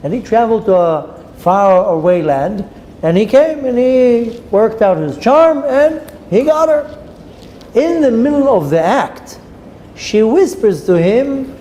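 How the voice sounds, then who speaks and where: Man teaching as a rabbi, high voice, mellow tone, animated storytelling, long reverb with faint noise. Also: measured pace. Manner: animated storytelling with Hebrew terms and dramatic quoted voices. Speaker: rabbi giving a Torah class. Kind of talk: storytelling Torah lesson.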